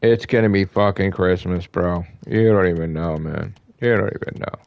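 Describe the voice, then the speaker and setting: A man's voice: low voice, moderate pace, vocal fry, muffled recording. A man hosting his own channel, delivering an emphatic, profane fan rant and repeating himself for emphasis. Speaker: gaming channel host. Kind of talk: excited fan rant to camera.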